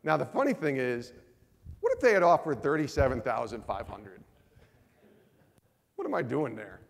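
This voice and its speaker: At a men's ministry event, a man in his forties with a Northeast US background tells his testimony with energy, playing out both parties in his conversations. His voice is mid-range and gravelly at a moderate pace, trailed by long reverb.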